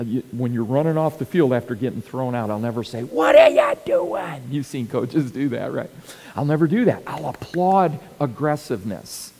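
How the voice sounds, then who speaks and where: A middle-aged man giving a teaching talk for church leaders, telling stories and acting out quotes and sound effects. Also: mid-range voice. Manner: animated storyteller, acts out quotes and sound effects. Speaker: speaker coaching church leaders. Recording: long hall reverb.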